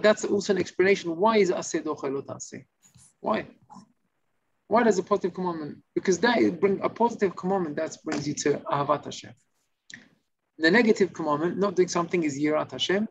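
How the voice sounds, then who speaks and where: A male rabbi giving an informal Torah class, telling stories and acting out the shouting characters. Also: fairly high pitch, creaky. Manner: animated storytelling, acts out shouting characters. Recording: slightly muffled recording with faint noise.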